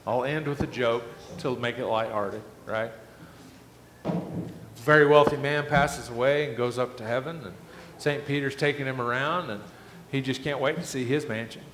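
A man's voice: medium pitch, normal speed, fairly bright tone, a little hiss or hum. A man preaching a sermon, asking the congregation earnest rhetorical questions. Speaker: pastor. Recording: echoey hall with faint ambience.

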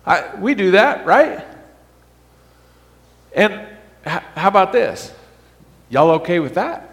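A high-voiced man delivers a sermon to his congregation, his pitch leaping up and down as he makes his points. He keeps asking the room questions and stumbles over his restarts as he goes. His voice rings out with the long reverb of a church hall. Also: unhurried, long pauses. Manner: animated, asks the congregation questions, stammers on restarts. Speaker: pastor.

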